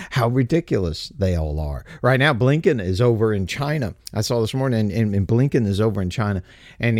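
A man's voice: mid-range voice, a little mellow, dry recording, clean studio sound. A man giving a casual, sarcastic political rant and mocking others' voices. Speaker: political commentator. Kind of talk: casual opinion monologue.

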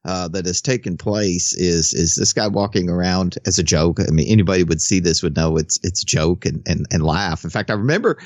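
A man co-hosting a podcast, chatting casually with sarcastic, animated commentary and frequent halting restarts. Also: low-pitched, no echo, clean studio sound. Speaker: podcast co-host. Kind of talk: casual opinion chat.

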